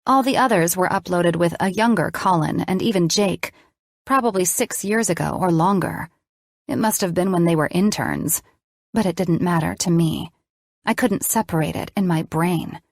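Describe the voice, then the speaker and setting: A woman narrating a romance novel in the first person, steady and measured. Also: on the low side, dry recording, clean studio sound. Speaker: audiobook narrator.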